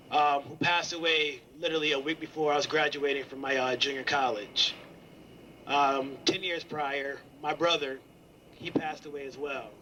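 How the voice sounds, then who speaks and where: Young guy giving a heartfelt talk to a crowd of students, earnest, lots of pauses, a bit of hiss. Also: a little high, bright, forceful tone, poor audio. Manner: earnest, halting, with many ums and pauses. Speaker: student speaker at a campus gathering. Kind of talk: heartfelt spoken reflection.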